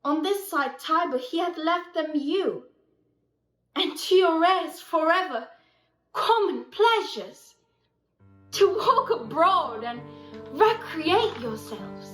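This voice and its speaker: A woman as a Roman orator working a crowd with slow, deliberate Shakespearean lines, in a high voice. The sound is echoey, with faint music underneath. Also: animated, a bit bright, heavily acted. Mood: solemn. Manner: measured, declamatory. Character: Mark Antony, Roman man stirring a crowd.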